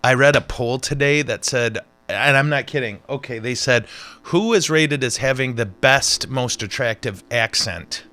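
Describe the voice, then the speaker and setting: A man, a priest hosting a casual show, who jokes and rambles in an animated way. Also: mid-range voice, unhurried. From United States. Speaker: priest and podcast host. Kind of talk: casual chat.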